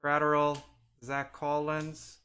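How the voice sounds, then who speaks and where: A man's voice: fairly high pitch, completely flat delivery, slow, sharp tone. A man hosting a live card break, calling out player names one by one as he opens packs and chatting with viewers. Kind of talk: live-stream pack opening.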